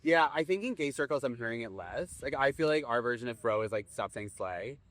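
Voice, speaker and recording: A man from Rhode Island with a New England accent, a comedian guest chatting quickly and griping playfully on a podcast. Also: mid-range voice, expressive, fairly bright tone, no room sound. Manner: quick, chatty, complaining banter.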